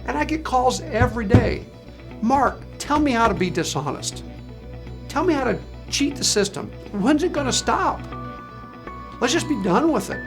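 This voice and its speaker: A man's voice: very high-pitched, sing-song, moderate pace. A man speaks in an interview, frustrated and impassioned, his voice rising and falling widely. Faint music sits behind him.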